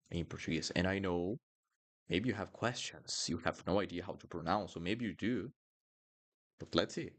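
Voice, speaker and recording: A man teaching pronunciation in a live lesson, repeating each word several times for students to copy. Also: low-pitched. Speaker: Portuguese teacher. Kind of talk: live online language lesson.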